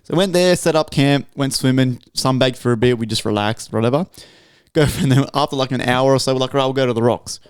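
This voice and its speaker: A man's voice: mid-range voice, fairly quick, clean tone, no room sound, studio quality. Profane Australian man telling a story. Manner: profane, animated storytelling with heavy slang. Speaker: podcast co-host. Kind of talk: casual chat.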